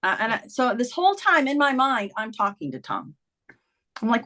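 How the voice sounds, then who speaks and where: A woman's voice: sits high, expressive, moderate pace, a bit bright. A woman in her fifties, a podcast guest, earnestly retelling a personal story in conversation, with many "like"s.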